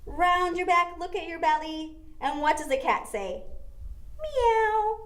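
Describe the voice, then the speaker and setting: A young woman leading a toddler yoga lesson, talking in a gentle, encouraging, sing-song way to small children. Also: sits high, normal speed. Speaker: kids' yoga teacher.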